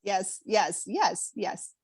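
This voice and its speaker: Mid-pitched female podcast host, dry close sound, affirming and quick to laugh. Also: very animated, breathy edge, no room sound. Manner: affirming, laughs easily, sums up the guest. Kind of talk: interview hosting.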